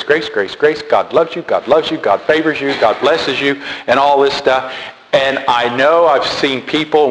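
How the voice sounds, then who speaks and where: A man preaching a sermon, animated and emphatic, repeating key words. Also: medium pitch. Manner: animated, repetitive emphatic delivery. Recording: echoey hall with faint noise.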